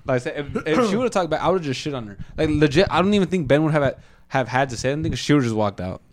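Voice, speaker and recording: A man's voice: fairly high pitch, animated, rapid-fire. A young man in casual, profane banter with friends, laughing often. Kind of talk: casual chat among friends.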